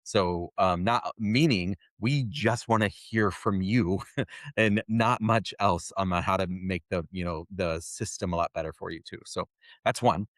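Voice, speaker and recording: A man answering interview questions casually, halting and restarting often. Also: sits low, fairly bright tone, dry recording, clean studio sound. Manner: halting, with many fillers and restarts. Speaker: software company guest.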